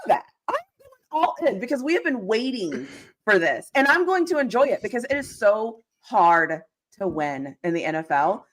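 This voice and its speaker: Animated, excited woman host. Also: mid-range voice, moderate pace. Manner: excited, animated fan ranting with laughter. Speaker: podcast host. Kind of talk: live sports recap chat.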